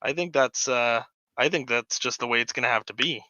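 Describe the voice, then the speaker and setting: A man's voice: medium pitch, fairly quick, pushed and bright, no room sound. A man hosting a casual live stream from his hobby room. He talks in an easygoing, chatty way and laughs often. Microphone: desk microphone. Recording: slightly dull lo-fi sound.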